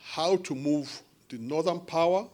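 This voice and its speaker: A man with a Nigerian accent addresses a forum meeting in an animated, conversational way, with quick asides. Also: fairly high pitch. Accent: Nigerian English. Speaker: diaspora party official addressing a support forum.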